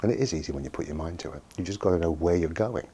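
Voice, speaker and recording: A man, a hypnotherapist telling a client story in a lively way and acting out both sides of the conversation. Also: deep voice, rapid-fire, breathy edge. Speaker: hypnotherapist and NLP practitioner. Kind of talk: anecdotal storytelling to camera.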